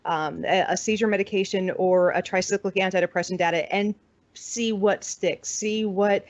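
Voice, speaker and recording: A woman's voice: medium pitch, fairly even intonation, normal speed, no echo. Chatty, swearing American woman. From United States. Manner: chatty storyteller who swears freely and acts out quotes. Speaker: podcast guest. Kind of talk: casual chat. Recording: dull dry recording.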